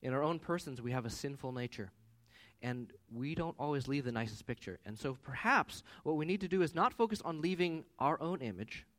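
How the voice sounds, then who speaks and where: Animated man preaching a sermon. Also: medium pitch. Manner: animated, conversational with personal anecdotes. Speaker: pastor.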